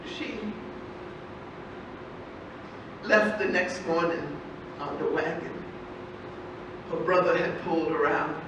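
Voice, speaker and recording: A woman storyteller playing a grieving, defiant enslaved woman who serves in a tavern, speaking slowly and with passion, repeating phrases for weight, live on a festival stage. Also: sits low, lo-fi sound, noisy background. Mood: sorrowful. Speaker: storyteller in historical character. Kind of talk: live first-person historical storytelling. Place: festival stage before an audience. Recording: echoey hall, voice from far off.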